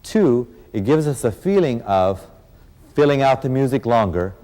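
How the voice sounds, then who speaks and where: A man's voice: mid-range voice, expressive, moderate pace, warm tone, big-room sound. A man teaching a dance lesson as an instructor, counting beats aloud and encouraging his students. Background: rumba music.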